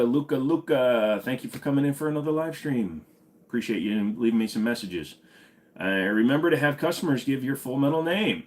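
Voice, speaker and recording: A man hosting an unscripted live stream, chatting and joking casually, greeting viewers by name and rambling on. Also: on the low side. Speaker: livestream host of a gun channel.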